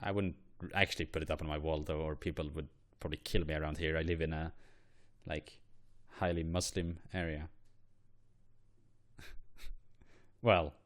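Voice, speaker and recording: A man's voice: extremely low pitch, fairly even intonation, normal speed, pauses often. A man hosting a casual commentary video, blunt and opinionated, swearing offhandedly as he gives his verdicts. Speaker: host.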